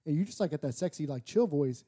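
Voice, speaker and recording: A man co-hosting a podcast in casual banter, loud and excitable, prone to raising his voice. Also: a little high, fast, no echo, studio quality. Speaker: podcast co-host. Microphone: studio microphone.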